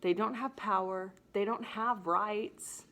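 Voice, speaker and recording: Brief: casual woman teacher, middle pitch, chatty, animated paraphrasing. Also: slow. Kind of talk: casual explanatory lesson.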